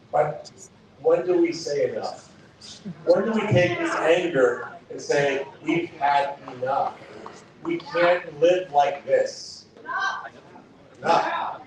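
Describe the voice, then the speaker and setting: A man delivers a fired-up campaign speech, firing off rhetorical questions at the crowd. His voice sits at an ordinary pitch for a man. It is heard from a distance in a very echoey hall, with faint noise behind. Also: darkish tone. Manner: impassioned, punchy rhetorical questions. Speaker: political candidate. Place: event hall. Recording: echoey hall recorded from far off.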